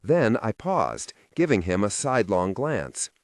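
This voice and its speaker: A man narrating a fantasy novel in the first person, in a soft, measured and emotive way. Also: lowish voice, huge pitch swings, no room sound, studio quality. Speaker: audiobook narrator.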